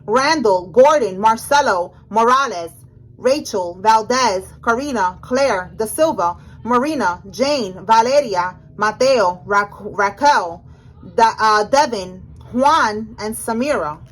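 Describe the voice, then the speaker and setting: A woman's voice: a little high, expressive, slow pace, rough recording. A woman giving a general tarot reading in a casual, emphatic way, talking straight to the viewer with slangy speech. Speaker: tarot reader.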